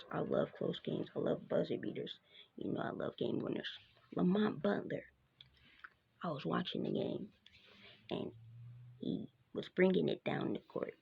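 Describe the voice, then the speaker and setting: Chatty woman host, basketball recap, rough husky voice, lots of asides. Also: fairly low pitch, lo-fi sound. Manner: chatty, animated, many fillers and asides. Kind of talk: casual sports recap rant.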